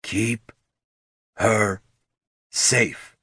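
A man voicing a big, weary, gentle male troll who speaks in a calm, patient, firm way. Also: on the low side, very slow, breathy edge, dry recording, studio quality, full character voice. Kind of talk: audiobook character voice.

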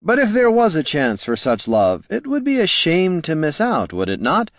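A man's voice: fairly high pitch, huge pitch swings, moderate pace, no echo, studio quality, pitched above the performer's own voice. A man voicing a smug, flamboyant male bard who teases in an airy, sing-song way. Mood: airy romantic.

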